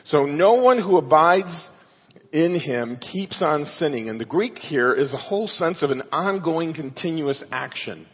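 A male pastor delivers an emphatic sermon, explaining scripture verse by verse. His voice sits a little high and carries a husky, breathy grain. The sound is dull and muffled, with a long echo trailing through a large hall. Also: lively intonation, unhurried, a bit bright. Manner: emphatic verse-by-verse Bible teaching.

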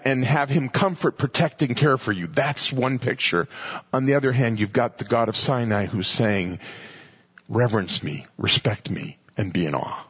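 A man's voice: medium pitch, slightly rough. A man teaching a sermon earnestly, often repeating words as he finds his thought. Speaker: Bible teacher. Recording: muffled lo-fi recording.

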